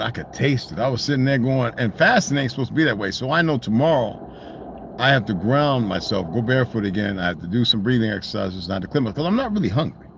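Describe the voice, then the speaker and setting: An American channel host rambles through a loose monologue, swearing freely and restarting his sentences. His voice is on the low side and creaky, with slight background noise.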